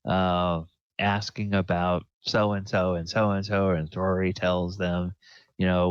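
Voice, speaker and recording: A man narrating a tabletop game as dungeon master, halting with many fillers. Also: sits low, flat delivery, clear, resonant tone, no room sound. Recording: dull dry lo-fi recording.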